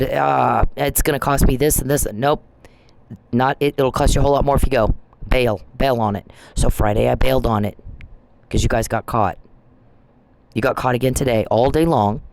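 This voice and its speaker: A man's voice: mid-range voice, gravelly, background noise. A man vlogging, speaking in a confrontational, accusing way straight to someone he blames. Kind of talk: monologue video addressing an absent person.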